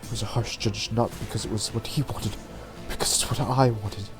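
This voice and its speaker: A man's voice: on the low side, steady tone, moderate pace, close to an everyday voice. A man reading the lines of a stern female rogue trader judge in a formal, declamatory way, in his own voice. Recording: background game music.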